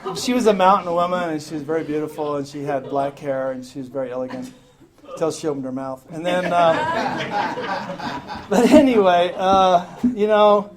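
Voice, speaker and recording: A middle-aged man tells his recovery story with blunt, profane humor and a pitch a touch higher than most men's. He keeps laughing at himself as he goes. The meeting tape carries a steady, clear hiss. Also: moderate pace. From Salt Lake City, Utah, US. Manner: frank, profane, self-mocking storyteller who laughs often. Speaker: AA meeting speaker. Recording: hissy amateur meeting tape.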